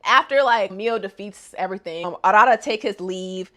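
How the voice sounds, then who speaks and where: A woman's voice: mid-range voice, normal speed, fairly bright tone. Chatty slangy young woman vlogger. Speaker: anime recap vlogger. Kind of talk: casual episode recap.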